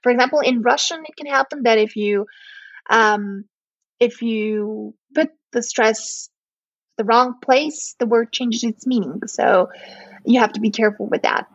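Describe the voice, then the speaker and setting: Husky Serbian-accented young woman. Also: a little high, a little slow, no room sound, dull audio. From southern Serbia. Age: young adult. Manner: hesitant, many fillers and restarts. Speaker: guest. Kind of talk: casual chat.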